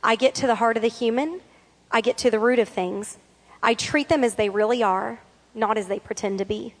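Woman preaching, earnest, fairly high voice, slow scripture reading, long hall reverb. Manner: earnest, reads scripture slowly, repeats for emphasis. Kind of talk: sermon.

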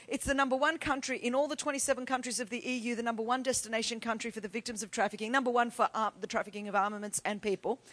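A woman preacher telling a story in a sermon, animated and expressive, who builds to forceful, emphatic declarations. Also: sits high.

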